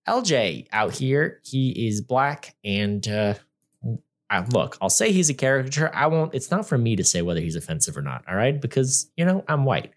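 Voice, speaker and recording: A man's voice: mid-range voice, big pitch swings, moderate pace. Sarcastic rambling man reviewing a movie. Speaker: podcast co-host reviewing a movie. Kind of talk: casual chat.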